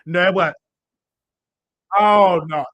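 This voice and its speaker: A man's voice: high-pitched, slow pace, a bit bright. A man hosting a live call-in show, talking casually and animatedly, often restarting and repeating his phrases. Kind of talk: casual live-stream chat with callers.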